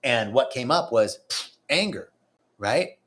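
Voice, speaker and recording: A man's voice: medium pitch, animated, a little slow, fairly bright tone. A man giving a spiritual talk, earnest and conversational, now and then acting out inner voices with a curse. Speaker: spiritual teacher. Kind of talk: live-streamed spiritual talk.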